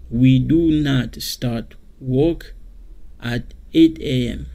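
A man teaching a beginner English grammar lesson, repeating example sentences slowly with many fillers and checks. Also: medium pitch, dark tone. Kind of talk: slow classroom grammar lesson.

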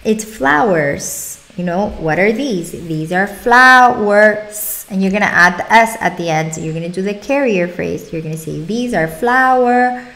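Young woman speech therapist talking to parents, lowish voice, upbeat, drags out words slowly to show them. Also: fairly bright tone. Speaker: speech-language pathologist. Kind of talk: instructional talk to parents.

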